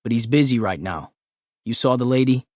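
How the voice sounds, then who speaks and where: A man's voice: mid-range voice, lively intonation, moderate pace, darkish tone, no echo, studio quality, lightly acted. Man reading a brusque desk clerk, offhand and clipped, audiobook. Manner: curt, dismissive. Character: offhand American male office worker.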